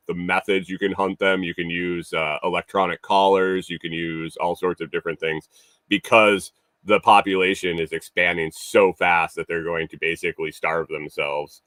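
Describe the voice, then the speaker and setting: A man's voice: deep voice, level tone, normal speed, a bit bright, no echo. A man hosting a casual livestream morning show, reading viewer comments, laughing often and swearing, with rambling restarts.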